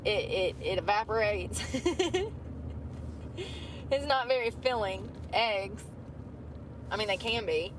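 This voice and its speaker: A woman's voice: medium pitch, animated, takes it slowly, long pauses. Chatty woman ranting in a car. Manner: profane, chatty, drawling asides. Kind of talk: rambling casual rant. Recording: clip with traffic and outdoor noise.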